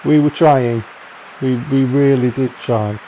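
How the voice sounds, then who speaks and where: A man talks casually over game highlights in a chatty, rambling, wry way. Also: unhurried, highs cut off, noisy background. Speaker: gaming channel host.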